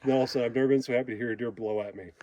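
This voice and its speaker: A man tells a story outdoors among the trees in an easy, chatty way. His voice sits at an ordinary middle pitch. He chuckles now and then and acts out the lines of the people in his tale. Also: very fast, a loud crowd. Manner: animated, quotes people with small voice changes, chuckles. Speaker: hunter telling a story. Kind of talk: casual storytelling. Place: outdoors in the woods.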